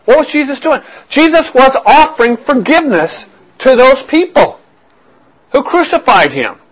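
A man's voice: very high-pitched, sing-song, normal speed, low-quality recording. A man preaching a sermon as a pastor, talking earnestly, repeating words and restarting phrases as he reasons aloud.

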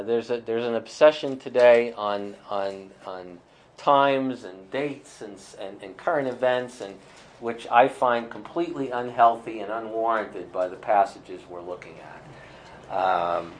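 A man's voice: medium pitch, measured pace, slight background noise. Man teaching a small Bible study. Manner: thoughtful, with many fillers and restarts.

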